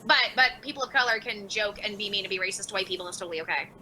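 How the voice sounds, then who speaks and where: Woman livestream host, sarcastic and joking, very bright voice, fairly high, faint background hiss. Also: racing, low-quality recording. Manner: sarcastic, laughing, addresses viewers by name. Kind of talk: casual livestream chat reading super chats.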